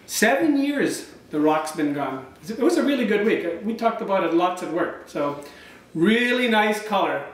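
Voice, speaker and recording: Guy rambling about wine at home, high voice, far from the cam in a really echoey room. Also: sing-song, normal speed. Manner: rambling, chatty, drifts into anecdotes. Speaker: wine review vlogger. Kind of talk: casual home video review. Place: room at home, filmed by his wife. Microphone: camera mic from a distance.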